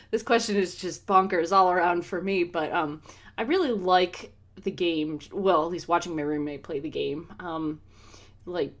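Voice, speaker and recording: A woman co-hosting a casual podcast panel, talking with many "um"s and "like"s. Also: fairly low pitch. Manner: hesitant, lots of "um" and "like". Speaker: podcast co-host.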